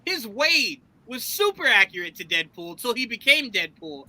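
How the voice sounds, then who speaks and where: High, bright-voiced man hosting a stream. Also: normal speed, dry recording, poor audio. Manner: animated, laughing, swears freely. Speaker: host. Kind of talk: casual live-stream chat.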